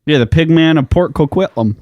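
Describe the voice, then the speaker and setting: A man's voice: fairly high pitch, animated, a little fast, no room sound, lo-fi sound. Joking, profane man on a podcast. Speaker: podcast co-host. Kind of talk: casual true-crime podcast chat. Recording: dry, close podcast recording.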